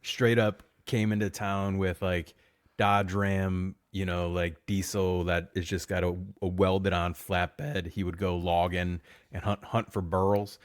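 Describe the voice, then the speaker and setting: A man with a very low voice, co-hosting a podcast in loose, casual chat. He tells rambling stories and laughs often, recorded dry and close with no room sound. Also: flat delivery, takes it slowly, clean tone, no echo. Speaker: podcast co-host.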